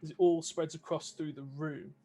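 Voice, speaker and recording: A man's voice: fairly high pitch, flat delivery, moderate pace, mellow. A man narrating a tabletop game as game master, vivid with many fillers.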